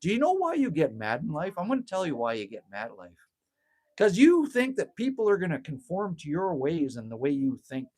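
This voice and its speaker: Broadcasting on his phone from outside a cabin, a middle-aged man from Canada hosts a casual livestream where he rambles, rants, swears freely and reads viewer comments. His voice is a little high and darkish in tone, with wildly swooping pitch and a fairly quick delivery.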